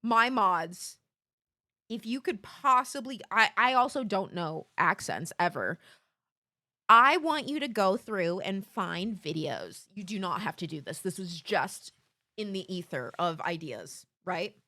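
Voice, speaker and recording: A woman's voice: medium pitch, unhurried, no room sound. A young woman chats to her live stream audience in a loose, giggly ramble. Her voice swings widely up and down, and it sounds close and dry at a desk mic. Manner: rambling and giggly, with sudden excited outbursts. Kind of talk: casual chat to a live audience.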